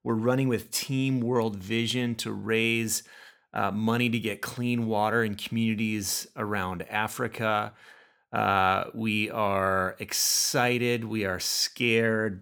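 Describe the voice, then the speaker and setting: A man's voice: lowish voice, fairly even intonation, slow pace, a bit bright, clear, resonant tone. A middle-aged man, hosting his own devotional podcast in an earnest, encouraging way with loose fillers. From United States. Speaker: podcast host. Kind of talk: casual spoken devotional podcast.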